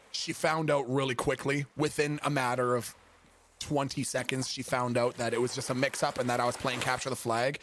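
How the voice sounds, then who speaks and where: A man's voice: mid-range voice, fairly bright tone. A young man, a streamer, telling a funny story in a casual, profane, self-mocking way.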